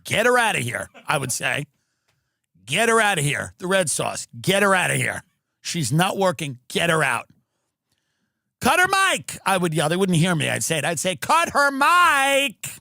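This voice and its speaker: A man tears through a comedic rant, his pitch leaping high and dropping low as he mocks everyone around him. His voice is bright and cutting, recorded close and dry in a studio. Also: normal speed, gravelly, no room sound. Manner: animated ranting, mocking voices for agents. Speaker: comedian and podcast host.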